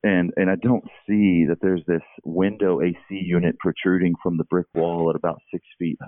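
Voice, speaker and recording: Deep-voiced man telling a story. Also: flat delivery, no room sound. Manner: halting, repeats words. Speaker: guest. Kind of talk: casual storytelling. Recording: tinny phone-like line.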